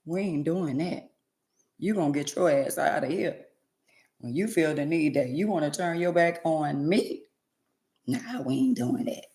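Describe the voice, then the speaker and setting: A woman's voice: low-pitched, unhurried. Blunt, sassy woman ranting to viewers. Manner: blunt, sassy, preachy, swings loud and quiet. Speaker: livestream host. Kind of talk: casual livestream rant to viewers.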